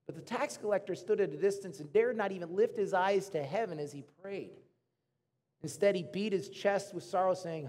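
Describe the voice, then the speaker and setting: A man's voice: high-pitched, normal speed, a little mellow, big-room sound. A man in his thirties preaching a casual, conversational sermon to his congregation, often acting out the voices of the people in his story. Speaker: pastor.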